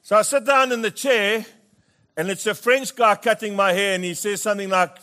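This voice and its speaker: A middle-aged pastor preaching with lively humour. He repeats words as he builds his points and keeps checking in with "Amen?" His voice sits fairly high. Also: normal speed. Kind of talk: sermon with comic storytelling.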